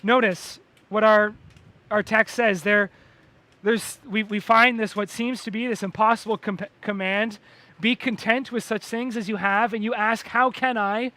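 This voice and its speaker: Bright-voiced man preaching a sermon. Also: sits high, steady tone, unhurried. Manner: emphatic preaching with repeated phrases and restarts. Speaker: pastor. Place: church.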